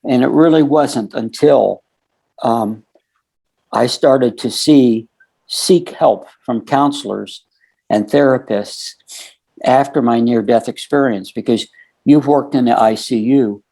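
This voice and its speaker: Slow-paced and creaky, his mid-range voice carries a dark tone. The speaker is an American man in his sixties, a podcast guest whose long story in this storytelling interview is full of quoted dialogue.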